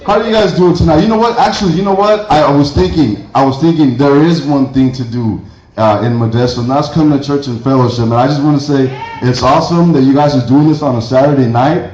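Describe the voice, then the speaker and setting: A man's voice: mid-range voice, quick pace, a little mellow. A middle-aged man from Mexico doing a rambling stand-up comedy set, chuckling at his own jokes. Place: church hall. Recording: roomy, dull lo-fi hall recording.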